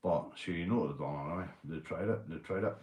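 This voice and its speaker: A Northern Irish man with a low voice rambles through a casual livestream chat, swearing and laughing a lot after a few beers. The sound is roomy, with echo around him. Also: quick pace, darkish tone. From Northern Ireland. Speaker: livestream host.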